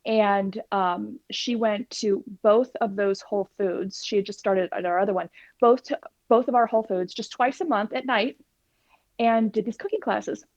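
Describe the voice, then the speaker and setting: Her voice mid-range and her speed normal, a woman who teaches plant-based cooking recounts her own story as an interview guest. She animatedly performs the dialogue she quotes, on a dull, dry lo-fi recording with no room sound.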